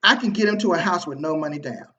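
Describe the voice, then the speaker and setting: A man telling a personal story to his viewers in a casual, motivational way, slangy and animated, acting out the people he quotes. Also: fairly high pitch, lo-fi sound, slight background noise. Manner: animated, slangy, repeats himself and acts out quoted dialogue. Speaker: online marketing video host.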